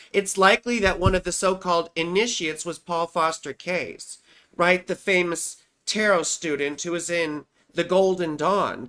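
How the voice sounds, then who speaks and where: A woman's voice: fairly low pitch, a bit bright. A woman astrologer hosting a live stream and lecturing in a rambling, conversational way, with casual slang and asides to her viewers.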